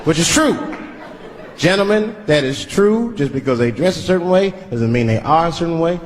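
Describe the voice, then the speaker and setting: Profane male stand-up comic, lively delivery. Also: on the high side, moderate pace. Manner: conversational, profane, punchy, acts out quoted voices. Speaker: stand-up comedian. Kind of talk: stand-up comedy storytelling. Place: large theater stage. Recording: live show, echoey hall, audience. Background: audience laughter and crowd noise.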